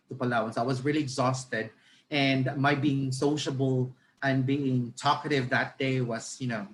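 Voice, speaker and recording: A man's voice: medium pitch, a bit bright, slight background noise, poor audio. A middle-aged man with a Filipino accent, telling a story in a conversational way during a teacher training session, with frequent self-corrections and a mix of English and Tagalog.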